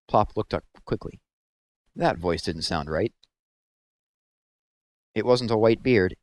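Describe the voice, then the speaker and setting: A man reading a children's book aloud with expressive storytelling, close to the mic. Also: lowish voice, slow pace, pauses often. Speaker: read-aloud host.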